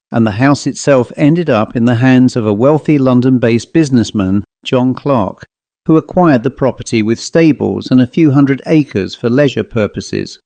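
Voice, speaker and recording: A man narrating a ghost story in a measured, formal storytelling manner. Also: medium pitch, mellow, no echo. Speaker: narrator and author.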